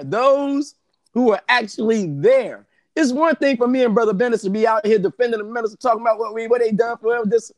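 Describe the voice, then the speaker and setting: A man co-hosting a casual talk show, affirming the guest with quick interjections. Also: high voice, no echo. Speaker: co-host.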